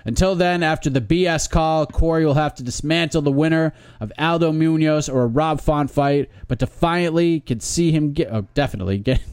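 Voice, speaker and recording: A man's voice: a little high, darkish tone, clean tone, no echo, studio quality. A man co-hosting a casual sports podcast, wryly reading listener emails aloud. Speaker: podcast co-host.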